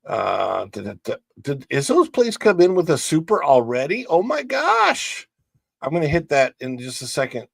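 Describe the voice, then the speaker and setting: A man's voice: on the high side, wildly swooping pitch, moderate pace, gravelly, no room sound. A man in his forties from St. Louis, hosting a livestream in casual rambling chat, reading out viewer comments with restarts and asides. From St. Louis, Missouri. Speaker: livestream host.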